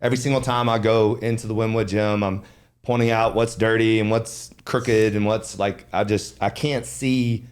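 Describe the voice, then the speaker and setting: A man with a fairly low voice hosts a casual podcast conversation. He speaks openly and reflectively, with loose swearing and plenty of filler words. The talk is unscripted and personal. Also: steady tone, normal speed. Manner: candid, profane, reflective. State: emotional. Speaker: podcast host. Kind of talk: casual interview chat.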